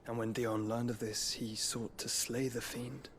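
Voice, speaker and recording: A man's voice: medium pitch, flat delivery, measured pace, noisy background, lightly acted. A man playing a grave, formal young nobleman. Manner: formal, old-fashioned phrasing. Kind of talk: video game dialogue. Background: game music.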